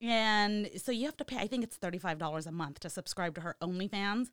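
A woman's voice: mid-range voice, brisk, fairly bright tone, clear, resonant tone, dry recording, clean studio sound. A woman hosting a casual chat, telling gossip and swearing freely.

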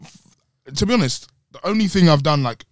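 A young man talks in a relaxed, slang-heavy way, full of filler words. His voice sits a little high for a man and his pitch swings a lot. The sound is dry and close, with no room echo. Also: normal speed. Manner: laid-back, slangy, lots of filler words. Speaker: actor and podcast guest. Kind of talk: casual podcast chat.

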